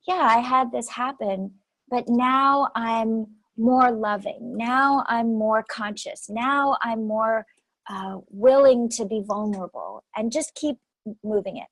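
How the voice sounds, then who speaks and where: A woman's voice: fairly high pitch, no room sound, poor audio. A woman speaking as an interview guest, telling stories animatedly and repeating phrases for emphasis. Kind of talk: conversational interview storytelling.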